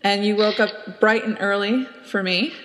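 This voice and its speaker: A woman's voice: mid-range voice, moderate pace, a bit bright, big-room sound, a little hiss or hum. A woman hosting a podcast, chatting casually and telling a story with lots of laughter. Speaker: podcast host. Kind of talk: casual chat and anecdote.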